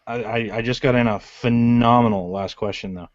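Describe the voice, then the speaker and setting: A man's voice: medium pitch, steady tone, moderate pace, highs cut off, crowd noise. Enthusiastic male co-host. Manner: enthusiastic, calls people dude. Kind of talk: casual chat.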